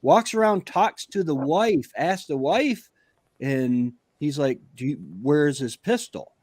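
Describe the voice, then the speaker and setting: A man's voice: on the high side, expressive, slow, a little mellow, dry recording. A man telling a rambling anecdote in casual chat on a livestream.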